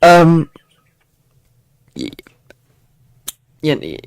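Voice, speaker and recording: Speaking very slowly in a slightly high voice with huge pitch swings, this weather channel host runs a live forecast stream. He's mildly accented, from Yorkshire, England, and rambles chattily with frequent fillers and restarts. A little hiss or hum is audible.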